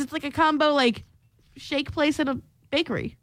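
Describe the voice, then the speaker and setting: A woman's voice: on the high side, quick pace, a crowd in the background. A woman in her twenties co-hosting a morning radio show, chatting casually with lots of fillers and giggles. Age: 20s. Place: radio studio.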